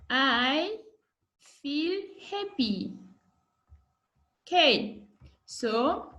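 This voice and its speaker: A woman teacher giving a recorded home lesson, slowly modelling each word for children to repeat. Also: sits high, a bit bright. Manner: slow, drawn-out modelling of words for repetition. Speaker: primary school teacher.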